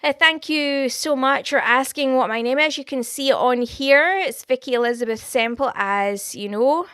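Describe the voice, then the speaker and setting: A woman's voice: high-pitched, normal speed, fairly bright tone, clean tone, no echo, clean studio sound. A Scottish woman hosting a live stream, chatting with viewers, thanking them and giving prophecies in a friendly, talkative way. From Scotland. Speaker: livestream host giving prophecy. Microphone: studio microphone.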